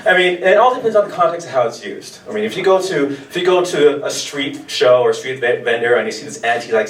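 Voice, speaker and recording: A man's voice: mid-range voice, lively intonation, fairly quick, few pauses, a bit bright. An American man in his thirties doing a stand-up set in a restaurant, loose and punchy with casual swearing. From United States. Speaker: stand-up comedian. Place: restaurant showcase stage. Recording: echoey room from far off, light noise.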